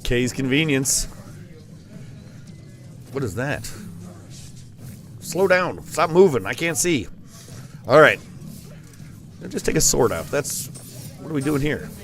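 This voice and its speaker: A man's voice: medium pitch, animated, slow pace, pauses often. Guy doing goofy play-by-play for a school esports match, jokes around a lot, bit of music underneath. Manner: rambling, playful asides. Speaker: esports commentator. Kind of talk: joking live game commentary.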